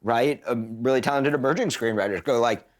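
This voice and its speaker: A man hosting a podcast about writing in an easy, conversational way. His voice is mid-pitched and ordinary, and he keeps tagging his points with a questioning "right?". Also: a little fast. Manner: reflective, frequent "right?" tags. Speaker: podcast host, screenwriting teacher. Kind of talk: conversational interview.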